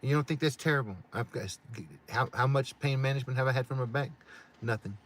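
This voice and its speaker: A man's voice: mid-range voice, a little fast, fairly bright tone, a little hiss or hum. A middle-aged man in casual chat, swearing often and restarting his sentences again and again. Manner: profane, rambling, many restarts. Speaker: livestream co-host.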